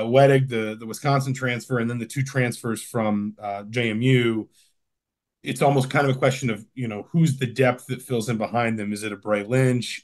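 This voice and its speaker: Chatty man rambling through sports talk. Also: medium pitch. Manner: rambling, many restarts, animated storytelling. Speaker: college football podcast co-host. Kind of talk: casual sports chat.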